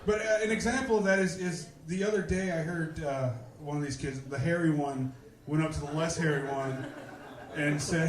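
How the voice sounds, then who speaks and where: A man's voice: on the high side, steady tone, fairly quick, crowd noise. A man in his thirties doing a stand-up comedy set, wry and exasperated, with fillers. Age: 30s. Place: comedy club stage, live audience. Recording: echoey room.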